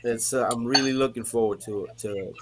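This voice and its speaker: A man's voice: mid-range voice, moderate pace, background noise. A man, a retired soldier turned teacher, telling good-humored stories on a video call with many fillers. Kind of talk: casual video-call chat.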